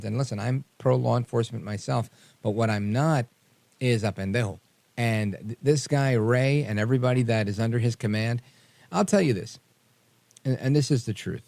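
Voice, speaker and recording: Gravelly talk radio host, emphatic. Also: male voice, medium pitch, darkish tone, no echo. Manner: emphatic, rambling, drops in slang. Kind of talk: political talk radio monologue.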